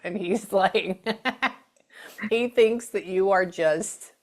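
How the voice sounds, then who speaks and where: A woman's voice: fairly low pitch, animated, slow pace, long pauses. A young woman giving a mediumship reading, chatty and casual, often dropping to a whisper before speaking up again. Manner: chatty, often drops to a whisper to listen, then speaks up brightly. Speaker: spiritual medium.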